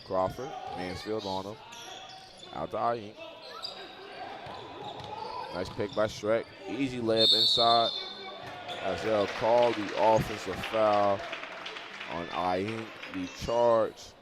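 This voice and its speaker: A man's voice: fairly low pitch, slow, long pauses, heavy background noise. Casual man calling college basketball. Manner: casual, chatty, bursts into loud excited calls on big plays. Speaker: play-by-play commentator.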